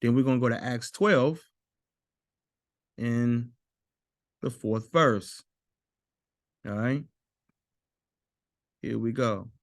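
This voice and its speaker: A man teaching a Bible lesson while sharing his screen, slowly repeating and stressing Hebrew words. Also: mid-range voice, dry recording, studio quality. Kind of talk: screen-share scripture lesson.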